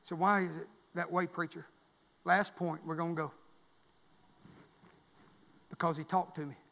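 A man preaching as pastor in a church, repeating lines and building to loud, shouted climaxes. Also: fairly high pitch, level tone, unhurried, gravelly, a little hiss or hum. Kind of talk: sermon. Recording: long reverb of a church hall.

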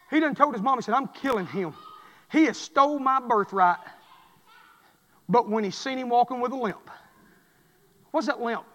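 High-voiced fervent preacher. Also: male voice. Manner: swings from low murmur to shouting fervor. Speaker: pastor. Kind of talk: sermon. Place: church sanctuary. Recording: long echo of a church sanctuary.

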